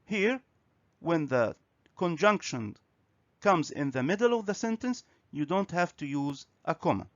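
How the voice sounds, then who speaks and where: A man teaching a grammar and pronunciation lesson on video, speaking slowly and clearly. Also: a little high, lively intonation, dry recording. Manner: slow, clear, instructive. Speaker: English teacher. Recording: dry, slightly dull recording.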